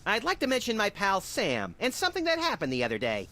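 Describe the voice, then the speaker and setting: An actor voicing a small, unhinged, wisecracking creature in a video game, gleeful about violence. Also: male voice, high voice, wildly swooping pitch, fast, sharp tone, heavily acted.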